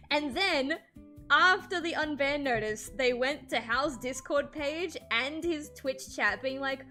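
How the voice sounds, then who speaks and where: A woman artist chatting casually on a livestream while drawing, animated and swearing freely, with frequent laughs. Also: high-pitched, slow, soft background music. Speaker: streamer and artist.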